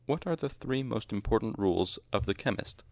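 A man's voice: lowish voice, expressive, fairly quick, gravelly, darkish tone, no room sound. A man reading aloud, voicing a dry male chemistry master who asks terse, probing questions. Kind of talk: audiobook reading with voices.

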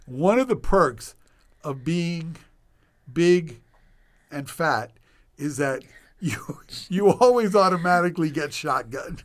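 Slow-talking storytelling man in his sixties. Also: a little high. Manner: animated storyteller with sound effects. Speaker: guest physician. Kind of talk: podcast storytelling.

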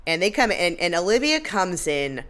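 A woman's voice: on the low side, normal speed. A woman co-hosting a podcast, recapping a TV episode in casual, blunt, profane chat. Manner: blunt, profane, animated retelling. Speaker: podcast co-host.

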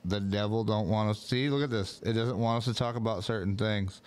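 A man's voice: on the low side, steady tone, brisk, clear, resonant tone. A man co-hosting a podcast in casual chat, swearing and addressing the live chat. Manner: loose, profane, talks to the live chat. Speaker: podcast co-host.

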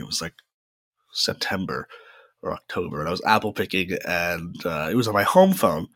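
A young man tells a personal story in a loose, rambling way, dotting it with "uh" and "um". His voice sits a little low, and the recording is close and dry with no room sound. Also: a bit bright, no room sound. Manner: chatty, rambling, frequent "uh" fillers. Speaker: podcast host. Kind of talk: casual solo storytelling.

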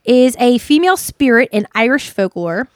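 Woman podcast co-host, giggly and loose, slightly high voice, dry close sound. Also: expressive, normal speed, no echo. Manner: giggly, laughs often, loose and rambling. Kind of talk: casual chat.

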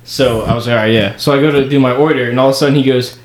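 A young man telling a story in casual podcast chat, animated and acting out the people in it. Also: mid-range voice, very fast. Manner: animated storyteller, does voices of people in his stories. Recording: roomy echo with noise behind.

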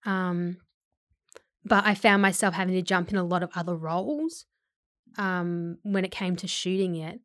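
A woman's voice: on the low side, normal speed, a bit bright, no room sound, studio quality. A woman actor and filmmaker talking casually in an interview, chatty, with frequent fillers and laughs.

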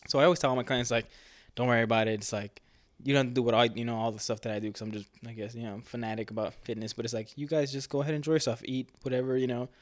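A man's voice: medium pitch, fairly even intonation, racing, no echo. A man co-hosting a casual fitness podcast as a trainer, rambling with lots of fillers like "you know" and "right".

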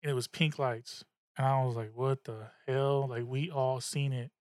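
Young man, mid-pitched voice, casual and profane storyteller, no room echo. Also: moderate pace, studio quality. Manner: animated, profane, repeats himself. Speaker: podcast host.

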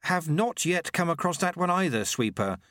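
An anxious young novice monk, once a street thief, firing off nervous, questioning lines in a raised voice. A man reads him aloud in a storybook, with a lively lilt and a dry, close sound. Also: a little high, normal speed, no room sound, pitched above the performer's own voice. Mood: shaken.

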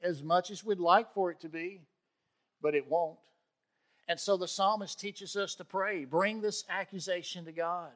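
A man's voice: high voice, fairly even intonation, a little slow, a bit bright. A man preaching a sermon in a conversational way, rising in force on key points. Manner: conversational preaching, rises with emphasis, frequent restarts. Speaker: pastor.

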